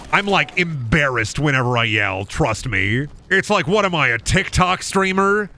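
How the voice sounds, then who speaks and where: A man's voice: medium pitch, bright, forceful tone, a little hiss or hum. A man streaming a game, rambling and self-mocking with lots of swearing. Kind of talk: casual gameplay commentary.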